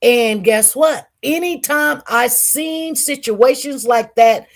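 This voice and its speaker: A woman with a fairly high voice tells her own story in a loose, chatty way. She speaks candidly and with feeling, restarting her sentences and acting out what others said. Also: takes it slowly. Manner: candid and animated, with frequent restarts and acted-out quotes. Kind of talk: casual personal storytelling.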